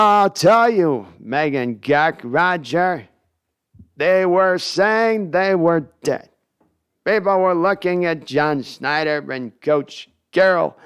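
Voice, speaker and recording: A man doing an impression of a veteran sportscaster, speaking slowly with pompous, ornate phrasing. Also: on the high side, a bit bright, smooth.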